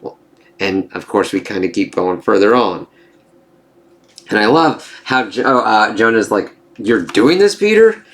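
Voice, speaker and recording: A man's voice: fairly low pitch, steady tone, unhurried, pauses often, a bit bright. A man casually reviewing a comic book, rambling and swearing freely as he goes.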